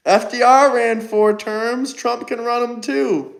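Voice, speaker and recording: A male livestreamer with a high-pitched voice talks casually to his chat. He answers commenters with combative, mocking jabs. His delivery stays loose and off-the-cuff. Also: fairly even intonation, takes it slowly, gravelly, low-quality recording. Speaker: livestream host.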